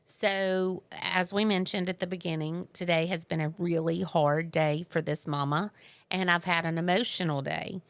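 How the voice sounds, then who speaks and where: A woman's voice: lowish voice, fairly even intonation, moderate pace, no echo. A woman co-hosting a marriage podcast, telling a personal story in an earnest, conversational way. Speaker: podcast co-host. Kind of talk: casual marriage podcast talk.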